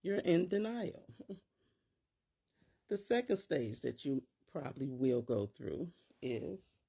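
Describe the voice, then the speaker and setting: A woman's voice: deep voice, sing-song, takes it slowly, creaky, dark tone, slightly rough. A middle-aged woman, a teacher and parent, talking casually to camera and acting out worried inner voices in quotes.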